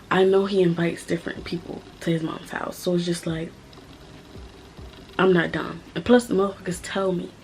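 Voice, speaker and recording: A woman's voice: fairly low pitch, darkish tone, slight background noise, poor audio. A woman in her twenties telling a personal story to her channel in a blunt, profane, emphatic way. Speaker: vlogger. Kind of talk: casual storytime vlog.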